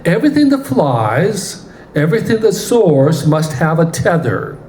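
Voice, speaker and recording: A man voicing a patient, wise male guardian angel who explains things gently. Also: a little high, big pitch swings, a little slow, a little hiss or hum. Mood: explaining. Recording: roomy church hall, faint ambience.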